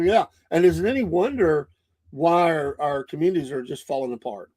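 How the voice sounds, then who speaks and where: Speaking briskly in a fairly high, darkish voice, a middle-aged Southern US man hosts his podcast as a loose, meandering monologue. He restarts often and leans heavily on fillers.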